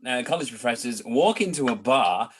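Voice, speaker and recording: A man's voice: medium pitch, expressive, normal speed, a crowd in the background. A man telling improvised bar jokes and voicing the barman for his punchlines. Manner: punchline delivery with voiced barman lines. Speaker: improv performer.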